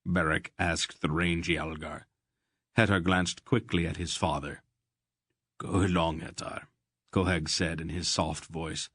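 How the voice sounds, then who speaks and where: Slow deep-voiced male audiobook narrator. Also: steady tone, fairly bright tone, husky, no room sound, studio quality. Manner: reads all characters with slight voice shifts. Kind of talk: scripted narration.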